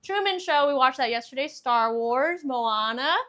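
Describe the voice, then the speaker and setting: A woman's voice: high-pitched, expressive, normal speed, fairly bright tone. A young woman chatting casually on a stream, reading viewer answers aloud, laughing often and swearing freely.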